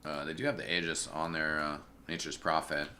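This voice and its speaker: A man casually commenting on a video game match as a streamer, chatty and relaxed, full of fillers and greetings to viewers. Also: rumbling low, brisk, a little hiss or hum. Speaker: esports caster and streamer.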